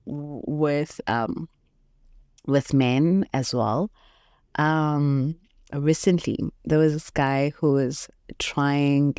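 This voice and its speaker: A woman hosting a motivational podcast, speaking in an unhurried, reflective way and often laughing at her own stories. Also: deep voice, darkish tone, clean tone, no room sound, studio quality. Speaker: podcast host.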